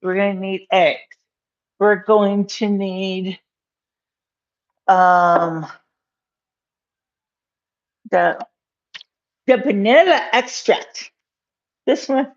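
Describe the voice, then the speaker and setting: A woman's voice: medium pitch, drawn-out words, long pauses, lo-fi sound. Rambling, chatty woman cooking on camera. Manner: chatty, rambling, laughing often, many fillers. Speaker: cooking vlogger. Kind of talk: casual cooking chat to camera.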